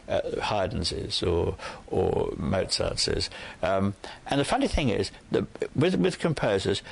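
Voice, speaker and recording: A man's voice: mid-range voice, creaky. An older man from Australia, a poet guest in an interview, talking in a hesitant way with many restarts. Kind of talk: interview conversation.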